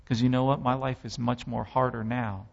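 A man's voice: mid-range voice, flat delivery, normal speed, gravelly, in a large hall, dull audio. A man giving a sermon testimony, telling his story with impassioned, dramatic swells.

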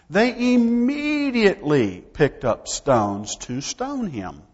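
In a church sanctuary, a pastor preaches an emphatic sermon, peppering his congregation with rhetorical questions. His mid-range voice is darkish with a breathy edge. The sound is dull, with a long hall reverb.

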